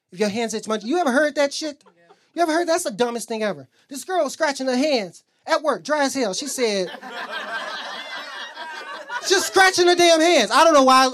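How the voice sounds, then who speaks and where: Loose, rambling stand-up comic; wide lively swings, mutters asides. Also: medium pitch. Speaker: stand-up comedian. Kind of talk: stand-up comedy set.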